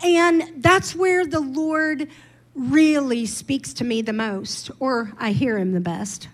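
High-voiced woman pastor preaching slowly. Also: poor audio. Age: middle-aged. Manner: candid, personal testimony with emphatic build-ups. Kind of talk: sermon.

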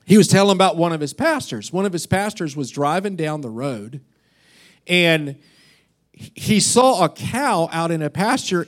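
Lively storytelling male preacher. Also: a little high. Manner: storytelling, acts out voices, swings loud and quiet. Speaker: pastor. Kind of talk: sermon.

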